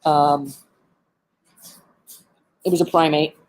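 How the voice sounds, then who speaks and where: Earnest woman trainer with a low voice. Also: steady tone, takes it slowly, a little mellow, poor audio. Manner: earnest and heartfelt, with frequent "um" fillers. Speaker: animal behavior trainer. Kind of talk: live-streamed talk with advice. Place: animal center, sitting among birds.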